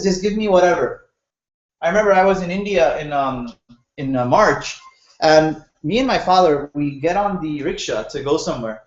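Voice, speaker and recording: Male teacher, high voice, conversational classroom explainer; dull, lo-fi sound in a reverberant room. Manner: conversational, poses questions to the class. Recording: roomy, dull lo-fi classroom recording.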